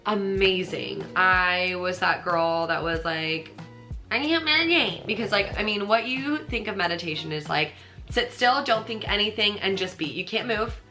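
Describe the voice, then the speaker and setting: A woman's voice: mid-range voice, bright, forceful tone. A young American woman, a yoga teacher, telling her personal story in a chatty, earnest, emotional vlog, full of "like". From United States.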